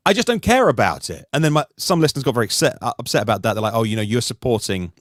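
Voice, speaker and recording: A man talking through a podcast discussion in an animated, rambling way, with many restarts. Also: mid-range voice, racing, dry recording, studio quality. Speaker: podcast host, guest panelist.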